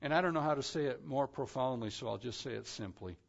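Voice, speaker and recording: A man preaching an expository sermon as pastor, swinging from hushed, slow phrases to soaring emphasis. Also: mid-range voice, vocal fry, muffled recording.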